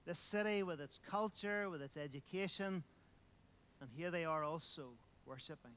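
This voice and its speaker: A man's voice: a little high, moderate pace, fairly bright tone, smooth. A man preaching a sermon, emphatic, repeating phrases and asking rhetorical questions.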